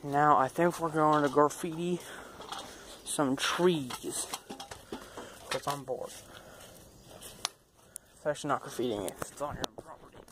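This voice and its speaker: A man's voice: on the high side, steady tone, unhurried, pauses often. A young man vlogging casually while holding his phone, rambling and laughing at himself. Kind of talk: casual vlog. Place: outdoors. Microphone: phone held in hand. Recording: noisy outdoor phone recording.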